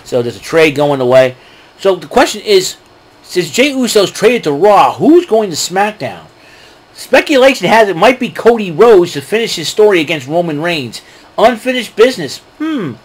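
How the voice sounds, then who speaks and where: A man's voice: high voice, very animated, moderate pace. A man casually recapping wrestling events, rambling with fillers and chuckling at his own jokes. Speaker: wrestling show recap host. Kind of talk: casual solo recap talk.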